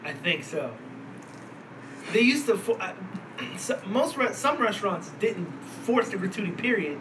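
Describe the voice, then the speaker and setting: A man's voice: high-pitched, animated, measured pace. A man co-hosting a casual podcast chat, joking around, laughing often and swearing freely. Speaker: podcast co-host. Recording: noisy background.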